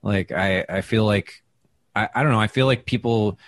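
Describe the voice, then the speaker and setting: A man who does stand-up, telling stories in a casual interview, chatty and self-deprecating, with lots of fillers and restarts, and he acts out quoted lines with big jumps in pitch. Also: normal speed, no room sound. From Wisconsin. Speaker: stand-up comedian, guest. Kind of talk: casual interview talk, storytelling.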